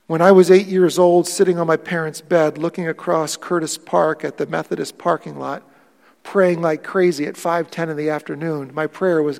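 A man in his forties preaching a sermon in a large auditorium. He tells a personal story quietly, then builds to impassioned preaching. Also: fairly high pitch, fairly even intonation, moderate pace, gravelly, long reverb tail. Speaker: pastor.

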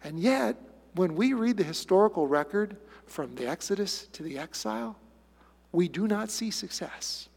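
A male pastor preaching a sermon in an animated way, with sarcastic asides. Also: high voice, moderate pace, vocal fry, slightly rough. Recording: long hall reverb.

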